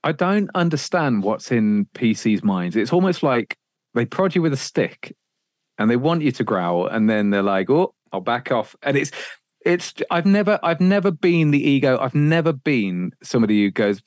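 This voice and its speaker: A man, a radio presenter, telling career stories in a casual podcast chat, animated, swearing freely and laughing often. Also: medium pitch, moderate pace, dry recording, studio quality.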